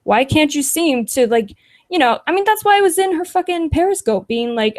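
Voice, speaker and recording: A woman's voice: high voice, animated, normal speed, darkish tone. A young woman hosting a casual livestream, reading chat comments aloud with sarcastic, profane asides and frequent laughs.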